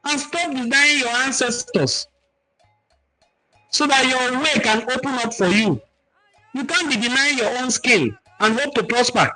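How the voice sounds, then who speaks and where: A man with a Nigerian accent hosts a livestream talk, his voice sitting notably high for a man. He teaches in an animated, emphatic way and reads out viewer comments. Faint music plays underneath. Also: unhurried, rough recording. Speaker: cultural talk host.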